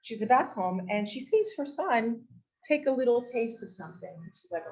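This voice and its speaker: Lively woman telling a story, lo-fi. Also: a little high, unhurried. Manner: animated storytelling, rises to shouting for quoted outbursts. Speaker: teacher giving a weekly talk. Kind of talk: live Torah talk with storytelling. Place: women's study hall in a community center. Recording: dull lo-fi live recording.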